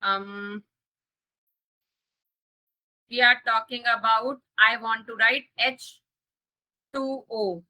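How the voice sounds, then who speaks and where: A woman's voice: a little high, fairly even intonation, drawn-out words, long pauses, sharp tone, poor audio. A woman with an Indian English accent teaching a live coding lesson, repeating key points and checking that students understand. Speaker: coding instructor.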